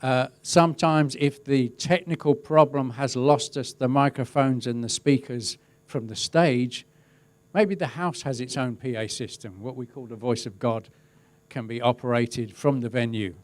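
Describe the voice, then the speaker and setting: A middle-aged man, a crowd safety specialist, giving a webinar talk with relaxed, wry storytelling. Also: mid-range voice, measured pace, no echo. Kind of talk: webinar presentation, telling an anecdote.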